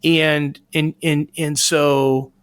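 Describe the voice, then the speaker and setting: A man's voice: a little high, level tone, extremely slow, clean tone, dry recording, clean studio sound. A man co-hosting a podcast, talking things through in an earnest way and searching for his words. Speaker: podcast co-host. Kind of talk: casual podcast discussion.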